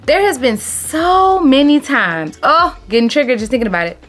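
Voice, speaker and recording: A woman in her thirties talking casually to camera, giving relationship advice in an animated, emphatic way and calling her viewers honey. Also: high voice, normal speed, soft background music.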